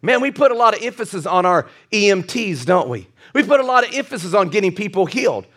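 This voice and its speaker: A man's voice: sits high, sing-song, fast talker, a bit bright. A middle-aged male pastor preaching a sermon, earnest and repetitive, building to emphatic peaks and chuckling at his own asides.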